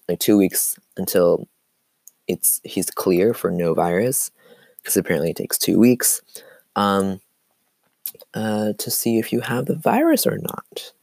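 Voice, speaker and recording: A teenage boy with a cough hosts his own podcast, his voice cracking now and then. He rambles along with plenty of "like" and "um". His tone is low and mellow, recorded dry and close. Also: vocal fry, dry recording. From Seattle area. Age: teens. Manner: rambling, full of "like" and "um". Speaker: podcast host. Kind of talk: casual solo podcast chat.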